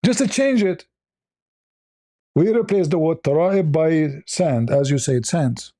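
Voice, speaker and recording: A man's voice: fairly high pitch, animated, slow, mellow, dry recording, studio quality. A man hosting a stream, speaking as an in a sarcastic, mocking commentary style. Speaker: livestream host.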